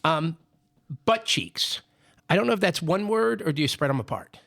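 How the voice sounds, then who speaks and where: Gravelly, animated man telling jokes. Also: on the high side, normal speed, no room sound, clean studio sound. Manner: rambling, self-amused joke telling. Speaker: podcast co-host, joke teller. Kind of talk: casual podcast banter.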